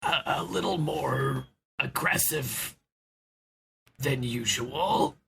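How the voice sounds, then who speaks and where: A man voicing a nervous, gentle male woodland druid who speaks in a hesitant, hushed way. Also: medium pitch, expressive, slow pace, creaky, full character voice. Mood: nervous coaxing.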